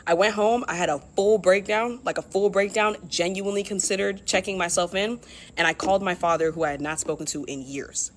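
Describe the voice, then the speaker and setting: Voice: mid-range voice, a little fast. A speaker telling a personal story in a candid, casual way, swearing often and laughing at themself.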